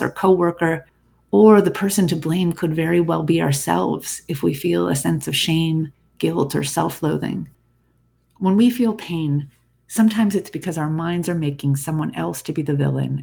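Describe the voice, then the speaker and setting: A podcast host talks through a scripted self-help episode in a calm, reflective way, turning often to the listener. The voice has a gravelly fry to it. Its tone is husky rather than clean. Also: mid-range voice.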